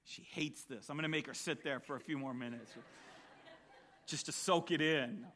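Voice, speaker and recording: A man preaching a sermon, telling a Bible story with animated storytelling and acting out the voices of the people in it. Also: on the high side, moderate pace, a little hiss or hum.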